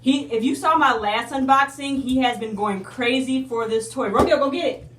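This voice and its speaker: A woman's voice: high voice, normal speed, fairly bright tone, distant mic. Chatty woman unboxing in an echoey room. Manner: chatty, addresses viewers as y'all. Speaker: unboxing vlogger. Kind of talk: casual unboxing chat.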